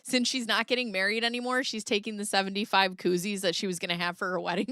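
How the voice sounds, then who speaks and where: A woman's voice: medium pitch, steady tone, a little fast, fairly bright tone, no echo, clean studio sound. A woman hosting a livestream in casual commentary, laughing often and reading viewer chat aloud. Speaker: livestream host.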